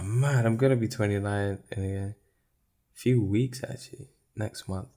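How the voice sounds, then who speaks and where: A man's voice: fairly low pitch, unhurried, mellow. A man, hosting a solo podcast in a candid, rambling way. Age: 20s. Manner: candid, rambling, thinking aloud. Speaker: podcast host. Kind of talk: casual solo podcast chat.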